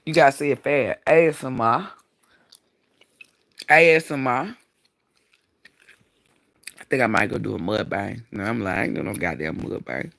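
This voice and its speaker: A man's voice: lowish voice, moderate pace, gravelly, long pauses, fairly bright tone. Blunt, profane man on a livestream. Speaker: livestream host. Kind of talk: casual livestream chat.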